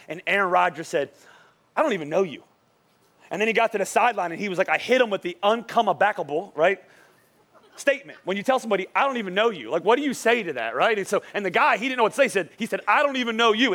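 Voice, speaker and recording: With a high-pitched, slightly bright voice, a young pastor preaches in a church auditorium. His delivery is informal and energetic, marked by frequent restarts, repeated words and the question "right?" tossed to the crowd.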